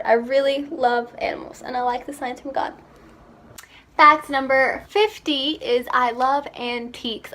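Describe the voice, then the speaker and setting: A young woman telling stories about herself in a casual, chatty vlog, with quick asides. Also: on the high side, fairly bright tone, a little hiss or hum. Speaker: vlogger. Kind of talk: casual chat.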